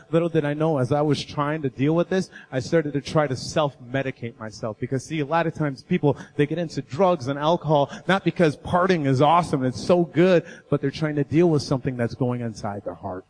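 A man's voice: on the high side, moderate pace, darkish tone, poor audio. A man giving an earnest sermon as a guest speaker, telling personal stories and building in intensity.

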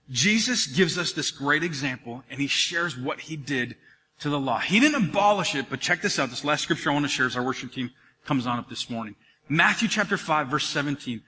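A man preaching a sermon to his congregation, talking in an animated, conversational way with asides to the listeners. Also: fairly high pitch, a little fast. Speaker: pastor. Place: church sanctuary. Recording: long reverb of a large church hall.

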